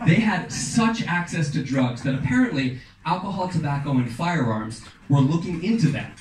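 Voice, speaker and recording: A man's voice: a little high, animated, moderate pace, far from the mic. A young man telling a story on stage with a punchy, dramatic delivery. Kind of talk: live storytelling performance. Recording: echoey room, voice off-mic, faint noise.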